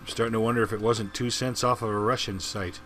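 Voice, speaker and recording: A man's voice: lowish voice, fairly even intonation, fast talker, a bit bright, slight background noise. A man giving casual commentary over a game he is playing, with wry, sarcastic quips. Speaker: let's-play gamer.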